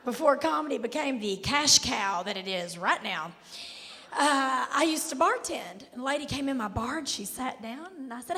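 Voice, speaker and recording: A woman from Kentucky with a Southern accent and a raspy voice, performing a sassy stand-up set. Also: high voice, animated, normal speed. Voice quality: raspy, hoarse-sounding voice all the time. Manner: sassy, drawling, loud bursts to the crowd. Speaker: stand-up comedian. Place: large theater stage. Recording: live stage with hall echo, faint noise.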